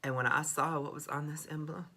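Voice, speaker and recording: A young man with a drawl tells a story straight to camera in vlog style. His voice is bright and sharp, and his delivery is dramatic and expressive, peppered with swearing. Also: on the high side, fairly quick. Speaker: vlogger.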